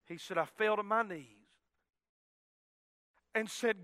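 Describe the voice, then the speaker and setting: A man preaching a sermon, telling a conversion story, swinging from loud emphatic peaks to hushed asides. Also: high voice, slow pace, long pauses, no echo, clean studio sound, long reverb tail.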